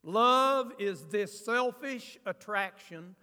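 High, slow-preaching male pastor. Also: expressive, sharp tone, clean tone, in a large hall. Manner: preaching with sudden swells of emphasis and asides. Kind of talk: sermon.

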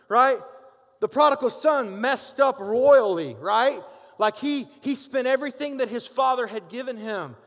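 A middle-aged man preaching a sermon, lively and conversational, calling out for amens from the congregation. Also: extremely high pitch. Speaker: pastor. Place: church sanctuary. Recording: long hall reverb.

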